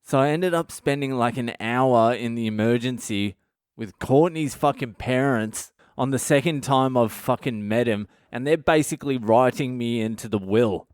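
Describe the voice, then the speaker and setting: A man, a comedian hosting his own podcast, telling a profane, animated story from his past. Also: medium pitch, moderate pace, clean tone, dry recording, clean studio sound. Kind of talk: storytelling monologue.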